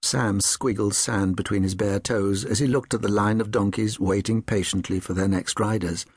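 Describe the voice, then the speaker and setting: A man narrating a children's audiobook with expressive, lively storytelling. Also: lowish voice, normal speed, breathy edge, no echo, clean studio sound.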